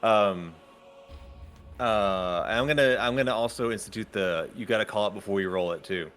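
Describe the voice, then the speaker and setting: A man running an online tabletop game as dungeon master, relaxed, laughing often and talking with many fillers. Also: fairly low pitch, moderate pace, faint music behind. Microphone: online voice call.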